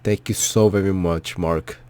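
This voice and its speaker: A man's voice: deep voice, steady tone, measured pace, darkish tone, no room sound. Choked-up man gushing emotionally. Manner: heartfelt, repetitive, swearing. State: choked up, near tears. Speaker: vlogger. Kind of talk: emotional personal movie reaction.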